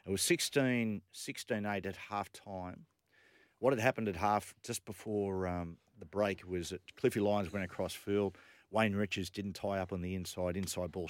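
A man co-hosting a radio show, telling animated stories and acting out what people said. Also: low voice, no echo. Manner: animated anecdotes with acted quotes. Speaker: radio co-host. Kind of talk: casual storytelling on radio.

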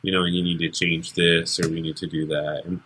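Deep husky man chatting casually. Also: little pitch movement, normal speed, fairly bright tone. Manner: rambling storyteller, many fillers and restarts. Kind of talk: casual chat.

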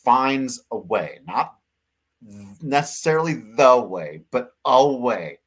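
A man co-hosting a sports podcast in a relaxed, conversational way. He talks earnestly and openly, laughing often as he goes. His voice sits at an ordinary middle pitch. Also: slow. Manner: emotional, laughing, sincere. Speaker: podcast co-host. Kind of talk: casual sports podcast chat.

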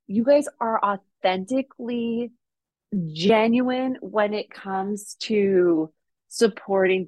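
A woman's voice: medium pitch, no echo. A woman hosting a podcast from her home basement, effusive and emotional, often laughing. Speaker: podcast host. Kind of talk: casual conversation.

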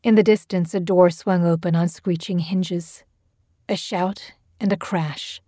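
A woman reading a horror story aloud with a measured, steady storytelling delivery. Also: on the low side, dry recording, clean studio sound. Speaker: narrator. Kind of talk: scripted horror story narration.

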